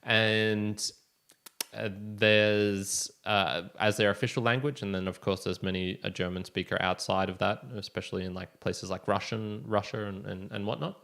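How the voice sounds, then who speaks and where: Low smooth-voiced man chatting casually. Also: little pitch movement, moderate pace, fairly bright tone. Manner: rambling, with frequent restarts and chuckles. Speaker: podcast host. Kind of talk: casual solo podcast talk.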